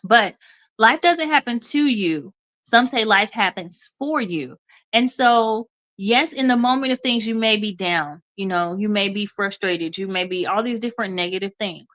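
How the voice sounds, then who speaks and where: A woman's voice: on the high side, fairly bright tone, muffled recording. A woman hosting a radio show, giving an encouraging motivational talk and calling her listeners y'all, a little stuffy. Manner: encouraging, addresses listeners as y'all, repeats okay.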